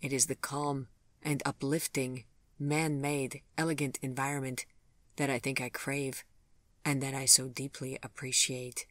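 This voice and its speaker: Tender, refined gentleman, read by the narrator, soft and courtly, mid-pitched and dry. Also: flat delivery, a little slow, no room sound, natural voice. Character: gentle, refined older gentleman who loves elegance.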